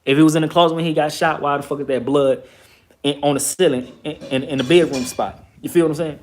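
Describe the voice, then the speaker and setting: A man's voice: fairly high pitch, steady tone, fast talker. A man, telling a story in an emphatic, profane, streetwise way. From Texas, USA. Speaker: vlogger. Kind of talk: casual storytelling monologue.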